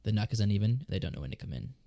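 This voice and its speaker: A man's voice: fairly low pitch, very animated, racing, mellow. A man, a band's guitarist, chatting casually and telling cheesy jokes in a playful storyteller's way. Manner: playful storyteller, puts on pirate voices in jokes. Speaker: band guitarist.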